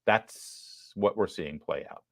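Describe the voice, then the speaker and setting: A man hosting a live political commentary show, talking in a sarcastic, emphatic way with quick apologetic asides. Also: sits low, vocal fry, no room sound, clean studio sound. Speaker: host.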